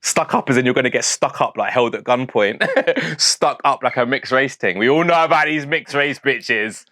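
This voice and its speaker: A man from St Albans, England, with a southern English accent, casually explains his own rap lyrics, chatty and slang-heavy, laughing at his own jokes. His mid-range voice is bright and forceful at a moderate pace, recorded in studio quality with no echo.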